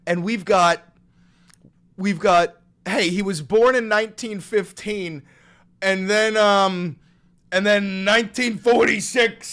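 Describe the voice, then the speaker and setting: A man hosting a comedic reaction video, reading aloud and reacting with loud, sarcastic, swearing outbursts. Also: high voice, steady tone, slow. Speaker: commentary video host.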